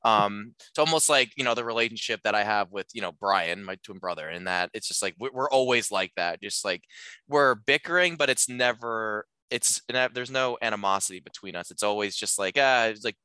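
A man casually talking through a film on a podcast, rambling with lots of filler words and acting out lines in animated voices. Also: fairly low pitch, moderate pace, smooth, no echo.

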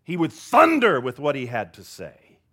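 Animated preaching man, wide pitch swings. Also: moderate pace. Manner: dramatic preaching with sudden swings from loud to hushed. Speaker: pastor. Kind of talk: sermon.

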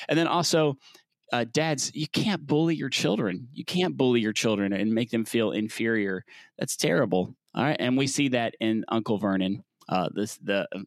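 A man's voice: fairly low pitch, no echo. A man co-hosting a faith podcast, chatting casually and joking with his co-hosts. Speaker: podcast co-host. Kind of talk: casual chat.

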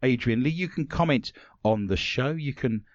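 A man's voice: medium pitch, animated, normal speed, no room sound, highs cut off. A British man hosting a comedy talk show, telling jokey stories with playful put-on voices. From Britain. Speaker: podcast host. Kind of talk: comedic casual chat.

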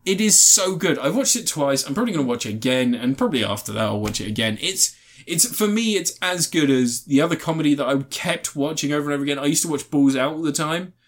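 A man's voice: fairly high pitch, quick pace. A man in casual podcast chat, reviewing a film with lots of laughter and swearing. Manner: animated, laughs often, swears freely. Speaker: podcast co-host reviewing films.

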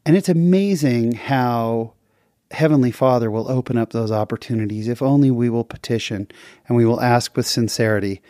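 A man from the western United States hosting a podcast, earnestly retelling a faith story with lively jumps in pitch. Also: normal speed, dry recording, studio quality. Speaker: podcast host.

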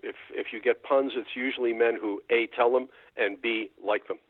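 A man, a folklorist, talking thoughtfully in a radio interview, often pausing and restarting. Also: mid-range voice, fairly even intonation, no echo. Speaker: folklorist guest. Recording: dry tinny phone line.

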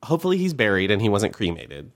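A man's voice: lowish voice, wildly swooping pitch, fast talker. A man co-hosting a casual podcast chat, joking and swearing freely while reading out listener letters. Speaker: podcast co-host.

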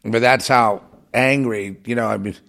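A man delivering a heated, rambling monologue as a self-styled prophetic broadcaster, swinging between loud outbursts and muttered asides. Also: mid-range voice, steady tone, normal speed, gravelly. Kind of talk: agitated monologue.

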